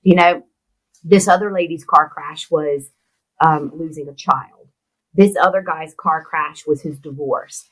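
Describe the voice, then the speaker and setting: A middle-aged American woman, an interview guest, telling a personal story in a lively way and acting out the voices of the people in it. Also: sits low, measured pace, breathy edge, rough recording. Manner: animated storyteller who acts out quoted voices. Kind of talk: storytelling in conversation.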